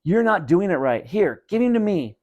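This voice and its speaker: A man's voice: high-pitched, very animated, moderate pace, darkish tone, highs cut off, pitched above the performer's own voice. A man doing a smug, mocking bratty boy. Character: mean bratty boy, prankster.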